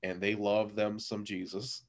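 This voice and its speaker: A man's voice: fairly low pitch, level tone, unhurried. Laid-back rambling man telling stories. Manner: laid-back, rambling with many fillers and frequent laughs. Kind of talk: casual storytelling chat.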